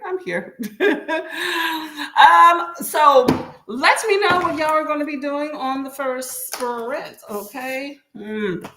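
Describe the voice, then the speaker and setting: A woman's voice: medium pitch, a bit bright. A woman hosting a casual livestream, chatting with viewers by name and laughing often, her throat a little choked up. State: slightly choked up, clearing throat. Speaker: livestream host. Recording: echoey room.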